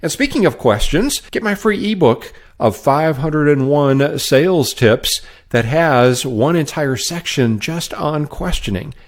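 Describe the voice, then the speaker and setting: A man's voice: fairly high pitch, lively intonation, unhurried, hardly any pauses. A middle-aged man hosting a solo sales-training podcast, upbeat and coaching.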